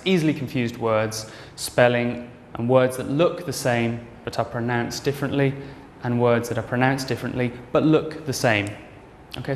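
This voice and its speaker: A man explaining English words in a mid-pitched voice, pausing to check in with the class. The sound is roomy, with a long hall reverb and faint noise behind it. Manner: explanatory, checking in with "okay" and "right". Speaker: English teacher. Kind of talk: demonstration language lesson.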